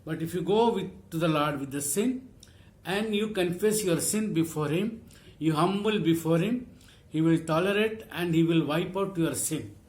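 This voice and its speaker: A man preaching a sermon, reading scripture and repeating phrases slowly for emphasis. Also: a little high, a little mellow.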